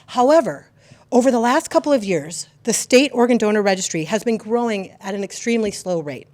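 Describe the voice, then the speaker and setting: Earnest woman legislator at a press conference. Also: on the high side. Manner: earnest, reads from prepared text. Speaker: state legislator. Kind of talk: prepared press conference remarks.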